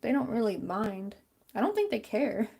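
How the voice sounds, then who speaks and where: A woman's voice: on the high side, sing-song, moderate pace, creaky, darkish tone, slightly rough. A woman chatting casually and rambling with many fillers while she crochets on a stream.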